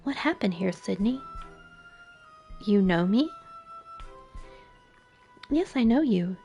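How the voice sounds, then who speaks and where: A woman voicing a calm, enigmatic female student at a magic school, composed and softly self-assured. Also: mid-range voice, slow, vocal fry, dull audio, faint music behind.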